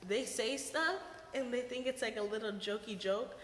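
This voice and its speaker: A young woman co-hosting a casual podcast chat, animated and laughing as she tells stories. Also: a little high, normal speed, slight background noise. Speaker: podcast co-host. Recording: echoey room with long reverb.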